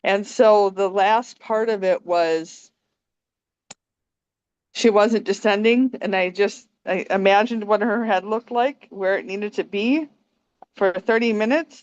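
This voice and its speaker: A young woman talks calmly and softly on a video call, laughing easily between thoughts. Her voice is smooth and clear, of middle pitch. The call audio is dry and a little dull. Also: normal speed, no echo. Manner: calm, soft-spoken, laughs often. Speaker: meditation group participant. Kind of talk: casual personal sharing on a video call.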